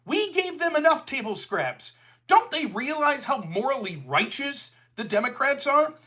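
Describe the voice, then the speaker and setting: A man's voice: extremely high pitch, big pitch swings, measured pace, pushed and bright. A man hosting a livestreamed political commentary show, talking in a heated, sarcastic way. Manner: sarcastic, heated, slips into mocking voices.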